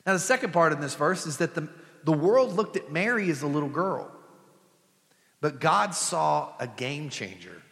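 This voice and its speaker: A young male pastor preaching in a church with a slightly high, bright, forceful voice. He talks to the congregation in a loose, conversational way and slips jokes and family stories into the message. His voice carries a long, ringing reverb from the hall. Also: lively intonation, moderate pace, gravelly. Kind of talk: sermon.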